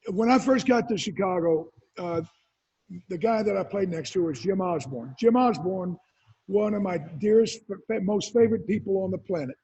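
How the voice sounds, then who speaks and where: Husky high-voiced older guy spinning football stories, dull lo-fi sound. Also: moderate pace. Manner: animated storyteller, acts out quotes. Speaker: retired football player, guest. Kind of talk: storytelling interview answers.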